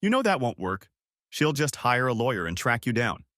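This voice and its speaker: A man's voice: mid-range voice, sing-song, normal speed, fairly bright tone, no echo, clean studio sound. A man playing a blunt, no-nonsense buddy. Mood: firm. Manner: firm, advising. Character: blunt, practical male friend giving advice.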